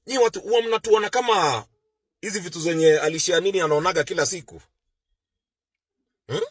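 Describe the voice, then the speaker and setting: A Kenyan man giving mocking social media commentary in a sarcastic, drawn-out way. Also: a little high, expressive, husky, no echo, clean studio sound.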